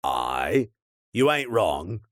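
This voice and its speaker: A man voicing a grumpy, gruff old man who tends a fire, talking in a rough, colloquial way. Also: mid-range voice, very animated, slow, no room sound, studio quality.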